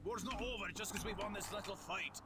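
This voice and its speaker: An actor playing a brisk British army sergeant with a British accent, giving barked orders in a video game. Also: male voice, high voice, crowd noise, lightly acted. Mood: commanding. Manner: barked commands. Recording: game audio over battle noise.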